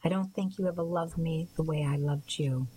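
A woman reading an audiobook, voicing a hurt young man who speaks coldly and quietly. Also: sits low, normal speed, slight background noise, natural voice, rough recording. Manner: flat, cold, quiet.

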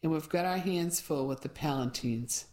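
A woman's voice: sits low, moderate pace, a little mellow, close to an everyday voice. A woman voicing a firm, decisive adult sister who runs a bed and breakfast. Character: firm, sensible adult sister running an inn.

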